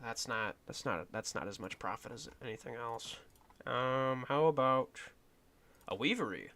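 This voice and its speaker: A man's voice: mid-range voice, unhurried, sharp tone. A man streaming a game in casual commentary, thinking aloud and often trailing off and restarting.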